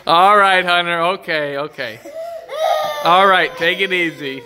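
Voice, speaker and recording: A man's voice: sits high, a little slow. A man filming his children at home, coaxing and cheering them on while he laughs. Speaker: father filming his kids. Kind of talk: casual home video chat. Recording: noisy home video audio.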